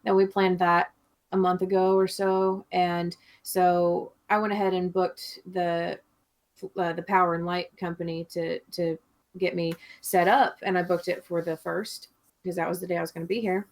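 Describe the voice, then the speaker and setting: A woman's voice: fairly low pitch, level tone, moderate pace. A woman co-hosting a podcast, telling a long story in a rambling, chatty way and laughing often. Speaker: podcast co-host. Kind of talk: casual chat.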